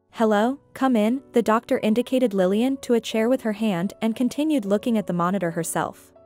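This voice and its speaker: Woman reading a drama story, kinda high voice, calm even delivery, faint music behind. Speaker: narrator. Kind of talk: scripted story narration.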